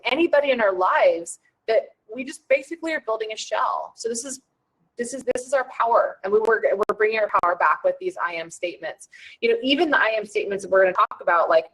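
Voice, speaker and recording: A woman wellness coach hosting an online challenge, talking in a chatty, rambling and animated way with many fillers. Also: medium pitch, poor audio. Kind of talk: casual chat.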